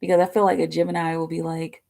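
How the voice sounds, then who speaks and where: Gravelly, low-voiced chatty woman. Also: flat delivery, fast, warm tone. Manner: chatty, rambling, peppered with fillers and casual swearing. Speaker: tarot reader hosting a live stream. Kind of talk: casual livestream chat.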